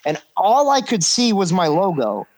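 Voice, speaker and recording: A man's voice: high voice, wildly swooping pitch, moderate pace, heavy background noise. A man in his thirties, a professional wrestler guest, casually telling a story, swearing freely and acting out the quotes.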